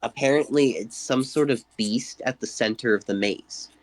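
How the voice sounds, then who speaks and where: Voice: medium pitch, moderate pace, poor audio. Laid-back game master narrating.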